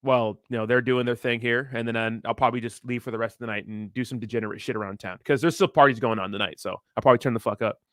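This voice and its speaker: A man in his thirties rambles through a casual livestream chat, cursing freely and laughing easily. His voice sits at an ordinary middle pitch, and the sound is dry and close with no room echo. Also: steady tone, fast, few pauses, fairly bright tone. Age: 30s. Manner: rambling, profane, laid-back, laughs often. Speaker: crypto streamer reading chat.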